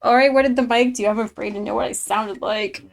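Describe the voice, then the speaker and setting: A chatty woman with a slightly high voice guides a live-streamed painting lesson. She is bubbly and laughs often as she talks with her viewers. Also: steady tone, a little fast, gravelly.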